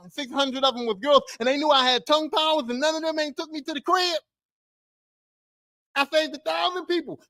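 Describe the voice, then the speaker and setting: A man hosting a podcast, delivering a profane, animated comic rant that swings from low mutters to loud outbursts. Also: no room sound. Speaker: podcast host. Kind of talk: casual comedic monologue.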